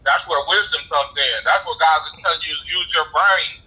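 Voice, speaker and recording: A man's voice: on the high side, moderate pace, bright, forceful tone, husky, poor audio. A man in casual chat, offering encouraging, faith-minded advice.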